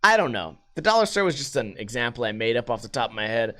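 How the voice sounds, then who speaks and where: A man's voice: medium pitch, very animated, quick pace, a bit bright. A young man hosting a podcast, reading news articles aloud and ranting about them in a profane, sarcastic, exasperated way. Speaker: podcast host. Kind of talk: casual reading of the news with rants.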